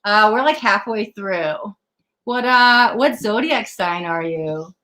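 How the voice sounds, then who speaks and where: A woman giving a live tarot reading on a laptop mic, chatty and excitable, quick to laugh and gushing over the cards. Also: mid-range voice. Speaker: tarot reader. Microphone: laptop built-in.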